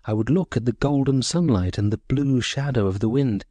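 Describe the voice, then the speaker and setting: A man narrating a short story as an audiobook, in a measured, sorrowful first-person voice. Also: medium pitch, warm tone, dry recording.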